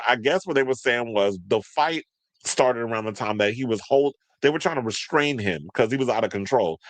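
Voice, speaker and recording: A man's voice: mid-range voice, fairly bright tone, no echo. A man hosting a celebrity gossip show, chatting casually in a sassy way with slang asides as he reads out news items. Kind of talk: casual commentary, reading news aloud.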